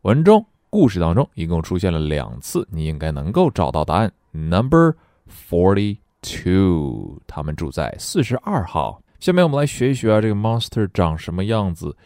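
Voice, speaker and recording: A man teaching a bilingual reading lesson, playful and lively, with sudden high exclamations. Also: normal speed, few pauses, dry recording, studio quality. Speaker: English teacher.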